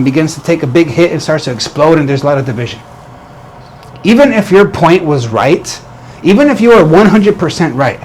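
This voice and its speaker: An earnest man coaching other men on relationships, his voice sitting a little high. He often restarts and repeats his phrases as he talks. Faint noise hums behind him. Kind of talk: motivational talk to camera.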